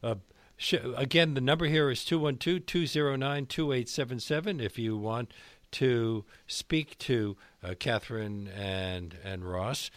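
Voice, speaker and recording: Calm male radio call-in host. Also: medium pitch, measured pace, no room sound.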